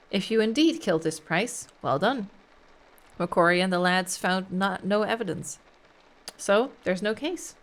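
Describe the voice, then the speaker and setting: A woman's voice: medium pitch, lightly acted. A woman voicing a stern male Scottish police inspector who talks down to a suspect, reading game dialogue aloud. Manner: scornful, dismissive, threatening.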